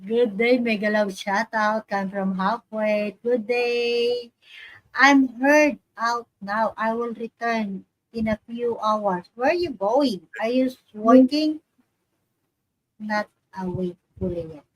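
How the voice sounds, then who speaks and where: Slow-talking woman on a live stream. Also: on the high side, low-quality recording. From Philippines. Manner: chatty, reads viewer comments aloud, laughs often. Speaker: vlogger hosting a live stream. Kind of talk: casual live-stream chat.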